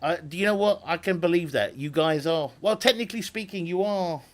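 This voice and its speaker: A man's voice: high-pitched, a little fast. A man chatting casually with viewers on a live stream, rambling, swearing freely and laughing often.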